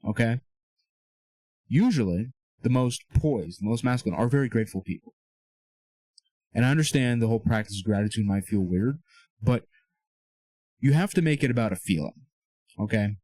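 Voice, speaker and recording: With a mid-range, darkish voice and lively intonation, a young man speaks at normal speed but leaves long pauses, with no echo. As a Christian self-improvement speaker in a small room with a whiteboard, he gives a casual, earnest motivational talk on faith, coaching and often checking in with "okay?" and "all right?"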